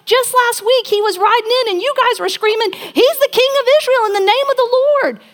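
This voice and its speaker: A woman preacher voicing an exasperated Roman governor who pleads with a crowd in a loud, incredulous, high-pitched voice. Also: brisk.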